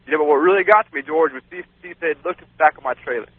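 On a radio show, a male guest with a fairly high voice tells a personal story very fast, wandering off track with lots of fillers, laughter, and "you know"s. It's casual storytelling, recorded dry with a phone-like radio sound.

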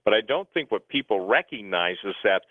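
A man's voice: on the low side, animated, fairly quick, no room sound. A man talking at length as a guest on talk radio, rambling and urgent, often restarting his sentences. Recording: phone-line radio sound, dry.

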